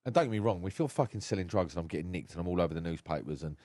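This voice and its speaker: Man, very deep voice, dry close sound, frank emotional storytelling, swears. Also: animated, very fast, a little mellow, no room sound. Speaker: podcast guest. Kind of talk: candid personal storytelling.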